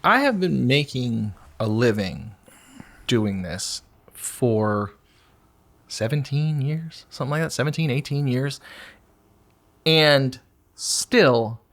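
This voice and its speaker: A guest musician in his forties talks candidly in a podcast conversation, animated but slow and pausing often, with a fairly bright tone. He slips into high mock voices to act out asking for attention.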